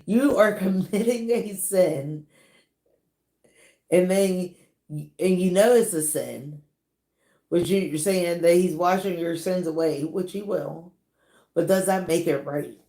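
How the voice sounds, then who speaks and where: A celebrity gossip channel host with a lilt and a voice on the low side offers loose, animated commentary, laughing often. She draws out her words at an unhurried pace, and her voice rings in a noticeably echoey room.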